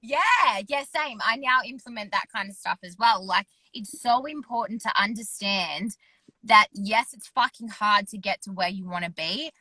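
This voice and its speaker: A woman's voice: mid-range voice, normal speed, pushed and bright, no echo, poor audio. A woman in her thirties, co-hosting as a wellness coach in casual podcast chat, frank and earnest, swearing casually.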